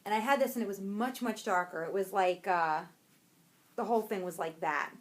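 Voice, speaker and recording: A young adult woman co-hosting a podcast, chatting casually and excitedly about yarn she bought, rambling and breaking off her own sentences. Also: medium pitch, moderate pace. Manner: bubbly, rambling, self-interrupting. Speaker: podcast co-host.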